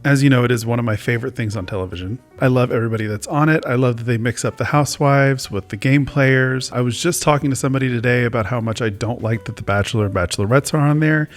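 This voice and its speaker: A man's voice: mid-range voice, quick pace, hardly any pauses, soft background music. A man hosting his own casual talk show, rambling and joking at his own expense. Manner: rambling, self-mocking, chatty. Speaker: host. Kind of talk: casual chat.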